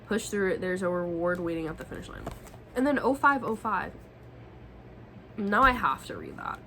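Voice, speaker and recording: Young woman tarot reader, bright voice, brash slangy delivery, faint room noise. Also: fairly low pitch, expressive, moderate pace, rough recording. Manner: profane, slangy and emphatic. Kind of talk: casual tarot reading to camera.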